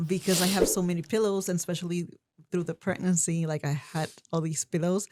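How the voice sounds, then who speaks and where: A woman's voice: lowish voice, steady tone, brisk, darkish tone. A young woman co-hosting a podcast, chatting casually and laughing often. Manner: laughing, encouraging listener. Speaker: podcast co-host.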